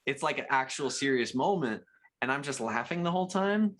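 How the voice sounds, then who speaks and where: A man's voice: medium pitch, expressive, fairly quick, background noise. A young man chatting casually as a podcast guest, rambling and laughing at himself. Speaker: guest, gaming channel co-host.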